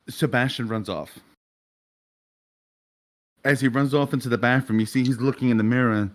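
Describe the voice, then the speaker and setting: A young man runs a tabletop game, painting each scene in loose, casual narration. He talks at an everyday pitch and drops curses freely as the action builds. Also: fairly even intonation, moderate pace, pauses often. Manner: vivid, casual narration with swearing. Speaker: game master.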